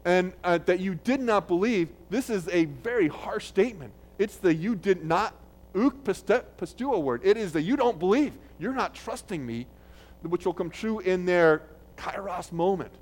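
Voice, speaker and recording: A male pastor delivers a sermon in an easy, conversational way. His voice sits a little high for a man. He restarts phrases often and gets louder when he quotes a text. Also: normal speed. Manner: conversational preaching with restarts, loud when quoting.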